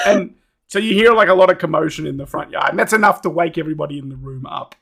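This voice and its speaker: A man's voice: fairly high pitch, fast talker, vocal fry, a bit bright. A man running a tabletop game as game master, narrating loosely with laughs.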